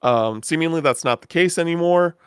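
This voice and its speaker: A man co-hosting a video game podcast, talking in a relaxed, hesitant way with many "uh"s and "um"s. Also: a little high, a little fast, clear, resonant tone, dry recording, studio quality. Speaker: podcast co-host. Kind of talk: casual chat.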